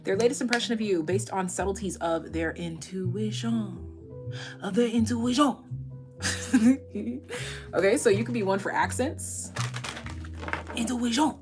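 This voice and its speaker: A woman's voice: mid-range voice, normal speed, darkish tone, soft background music. A woman doing a casual live tarot reading, chatty and rambling, swearing freely and laughing at her own jokes. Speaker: tarot reader.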